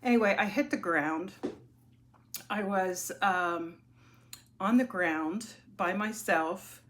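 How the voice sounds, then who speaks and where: A woman's voice: medium pitch, slow, a bit bright, slight background noise. A middle-aged woman telling a personal story on her crafting vlog, chatty and rambling with frequent ums and restarts. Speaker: crafting vlogger.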